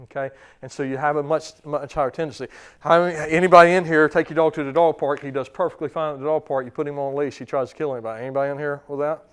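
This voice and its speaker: A man in his thirties gives a relaxed training seminar in a slightly high voice. He chats more than lectures, restarts sentences and tosses questions to the room. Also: rapid-fire, clean tone. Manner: casual, quizzes the audience, many fillers and restarts. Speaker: dog trainer. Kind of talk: seminar talk to clients.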